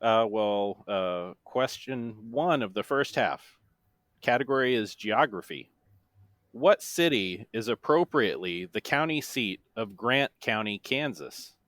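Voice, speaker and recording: A man's voice: on the low side, expressive, measured pace, fairly bright tone, dry recording, clean studio sound. Man reading trivia questions. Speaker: guest quiz host.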